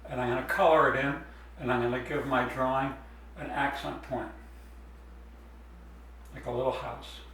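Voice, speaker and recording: A man's voice: mid-range voice, flat delivery, normal speed, pauses often, a bit bright, heavy reverb, recorded from a distance, slight background noise, rough recording. A man explaining step by step as he draws a design in a drawing demonstration. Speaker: art teacher.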